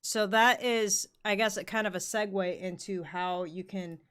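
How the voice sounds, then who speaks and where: A woman's voice: mid-range voice, fairly even intonation, measured pace, fairly bright tone, clean tone. Young woman podcast host, chatty and frank, loose filler-heavy delivery, mid-range voice. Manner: candid, swears freely, heavy use of "like". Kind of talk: casual chat.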